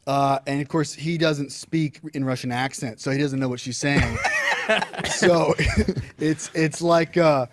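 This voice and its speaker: A man improvising a movie pitch in a halting, rambling way. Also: fairly even intonation, a little hiss or hum. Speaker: improv player.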